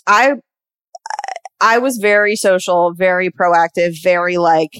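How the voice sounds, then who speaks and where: A woman's voice: fairly low pitch, slow pace, a bit bright, clear, resonant tone. A young American woman and actor, chatting as an interview guest in a rambling way, with lots of "like" fillers. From United States. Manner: rambling, filler-heavy, full of "like". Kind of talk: casual interview chat.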